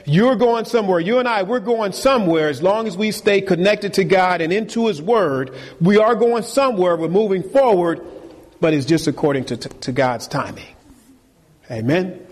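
Higher-voiced guy preaching hard, repeats himself a lot, long echo from the church hall. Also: animated, normal speed. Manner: emphatic, preacherly, repeats key phrases. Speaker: pastor. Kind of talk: sermon.

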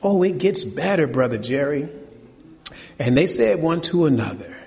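A man preaching a sermon to his congregation, animated and colloquial, firing rhetorical questions and calling them y'all. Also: fairly high pitch, moderate pace, vocal fry, long reverb tail. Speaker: pastor. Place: church.

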